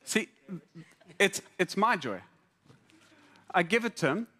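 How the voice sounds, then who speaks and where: A man preaching a sermon to a congregation, conversational and humorous, with lively repetitions. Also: high-pitched, slow pace. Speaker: pastor. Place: church hall before a congregation.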